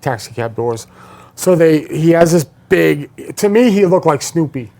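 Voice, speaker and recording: A man with a slightly raised voice rambles through childhood stories in a relaxed talk show. He laughs often and lets some lines trail off quietly. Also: a little high, moderate pace, vocal fry, noisy background. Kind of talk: casual chat.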